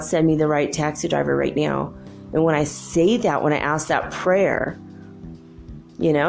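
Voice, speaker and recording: Low gravelly woman, chatty. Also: a little mellow. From United States. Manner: chatty, rambling storyteller, laughs often. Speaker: spiritual podcast host. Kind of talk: casual spiritual talk.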